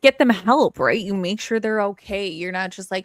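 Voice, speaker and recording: A woman's voice: medium pitch, expressive, normal speed, no echo. A woman co-hosting a casual livestream, talking in a chatty way with lots of fillers and reading out the chat. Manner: chatty, filler-heavy, reads chat aloud. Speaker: livestream co-host.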